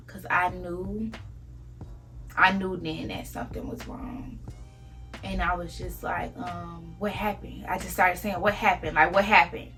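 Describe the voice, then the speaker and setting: A woman in her twenties with a Southern accent speaks with a bright, forward tone. She tells a heartfelt personal story in a plain, conversational way and sometimes drops to a hushed, breathy near-whisper. There is faint music behind her. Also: lowish voice, flat delivery, a little slow, rough recording. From Savannah, Georgia. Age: 20s. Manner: candid, conversational, drops to soft near-whispers at painful moments. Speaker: vlogger.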